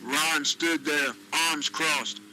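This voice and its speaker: Text-to-speech man narrating, very bright tone, slightly high pitch, flat delivery. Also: extremely slow, a little hiss or hum, low-quality recording. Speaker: AI chatbot narrator. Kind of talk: scripted story narration.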